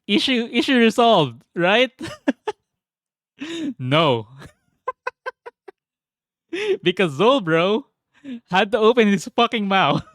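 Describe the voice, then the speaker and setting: Vlogger man, slow relaxed storytelling, dry close sound, quick to laugh. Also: high-pitched, no echo. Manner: laughs often, swears, animated. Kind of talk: casual travel storytelling.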